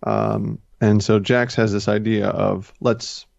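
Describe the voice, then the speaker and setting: Man, low voice, gravelly, casual rambling chat, dull lo-fi dry recording. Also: little pitch movement, slow, darkish tone, dry recording. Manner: rambling, self-correcting, retells scenes with quoted voices. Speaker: podcast co-host.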